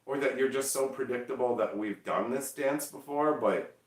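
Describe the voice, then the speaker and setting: A man chatting casually on a livestream, loud and energetic, teasing his chat. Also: mid-range voice, normal speed, reverberant, far from the mic. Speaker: streamer.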